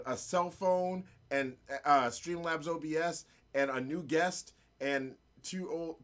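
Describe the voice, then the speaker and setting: A middle-aged man hosting a casual live-streamed gaming and photography show, playful and laughing, giving hyped shout-outs to his chat and guests. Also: a little high.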